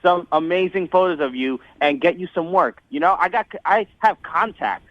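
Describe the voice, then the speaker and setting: Man caller, high voice, pushy, defensive, dry sound. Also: animated, moderate pace, no echo, highs cut off. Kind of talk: phone call on a radio show. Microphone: telephone.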